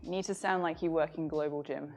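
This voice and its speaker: A woman fitness coach giving calm cues during a live-streamed workout. She laughs often and is slightly out of breath. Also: deep voice. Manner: slow, calm cueing with frequent laughter.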